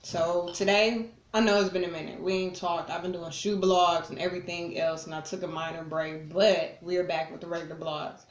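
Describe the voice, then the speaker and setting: A woman's voice: on the low side, level tone, a little fast, few pauses. A woman vlogger talking casually to her camera, blunt and profane, who acts out arguments in raised voices. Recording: roomy echo.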